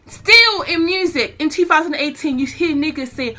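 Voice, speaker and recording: A woman's voice: sits high, lively intonation, fairly quick, hardly any pauses, bright, forceful tone, soft background music. A young woman vlogger delivering an impassioned, swearing rant to camera, getting more fired up as she talks. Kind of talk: casual opinion rant to camera.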